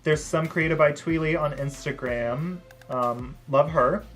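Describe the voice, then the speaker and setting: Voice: mid-range voice, slow, faint music behind. Sassy, chatty beauty vlogger. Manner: chatty, many "like" and "um" fillers; bursts into loud excited exclamations. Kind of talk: casual product review.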